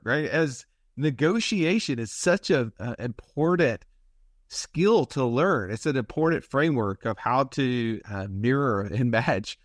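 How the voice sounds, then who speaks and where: A man's voice: medium pitch, no echo. Chatty male podcast host, dry sound. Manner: conversational, explains with repeated "right?". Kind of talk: casual podcast discussion.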